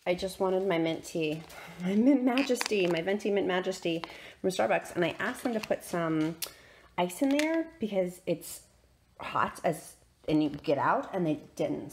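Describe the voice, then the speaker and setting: A woman's voice: lowish voice, expressive, a little slow. A woman in her thirties, a mother and vlogger, chatting casually and upbeat to camera and laughing easily. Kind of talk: casual vlog chat to camera. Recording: background noise from cars and outdoors.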